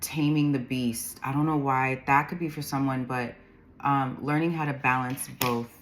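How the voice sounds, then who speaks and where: A woman's voice: very deep voice, steady tone, moderate pace. A woman giving an intuitive tarot reading, rambling through the cards, reading their meanings aloud and laughing often. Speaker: tarot reader.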